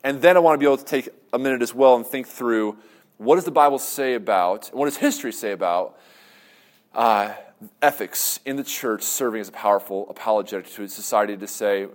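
A man's voice: mid-range voice, fairly quick. A man giving a talk on faith and ethics, earnest and conversational, asking rhetorical questions and restarting his phrases. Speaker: speaker on Christian apologetics. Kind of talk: lecture with audience Q and A.

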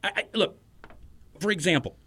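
Earnest middle-aged pastor hosting a podcast. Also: male voice, sits high, animated, moderate pace, a bit bright, husky. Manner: earnest, storytelling, chuckles between points. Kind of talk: conversational podcast teaching.

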